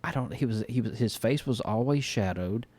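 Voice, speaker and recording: A man's voice: medium pitch, moderate pace, slightly rough. A man co-hosting a podcast, chatting casually about a film, loose and full of fillers. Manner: relaxed, filler-heavy, says "man" often. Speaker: podcast co-host. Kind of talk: casual review chat.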